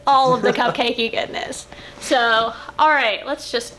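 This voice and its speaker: A young adult woman co-hosting a vlog, telling stories in an animated, chatty way. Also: a little high, measured pace. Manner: animated, chatty, with fillers and giggles. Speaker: vlog co-host. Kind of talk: casual storytelling chat. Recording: faint background noise.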